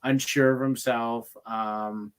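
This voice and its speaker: A man chatting casually about films as co-host, enthusiastic and quick to agree. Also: mid-range voice, steady tone, smooth. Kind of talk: casual movie chat.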